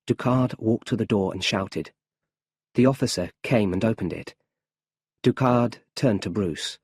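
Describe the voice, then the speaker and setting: Male audiobook narrator for learners; husky, slow, careful delivery. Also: on the low side, darkish tone, no room sound. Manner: slow, careful storybook reading.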